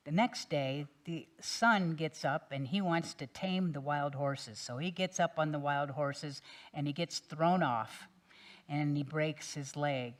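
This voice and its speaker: Slow-speaking woman minister telling a story. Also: low voice. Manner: relaxed, gently storytelling. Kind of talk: sermon storytelling.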